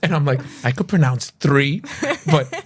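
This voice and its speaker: A man hosting a casual interview, talking in a halting way with frequent restarts and "you know" fillers. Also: medium pitch, husky. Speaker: host and martial arts school owner.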